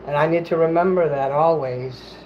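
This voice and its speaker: Guy livestreaming while eating, kinda high voice, swears a lot, says sorry a lot, faint hum in the room. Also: moderate pace, highs cut off. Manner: rambling, apologetic, swears casually. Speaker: livestream host reading chat.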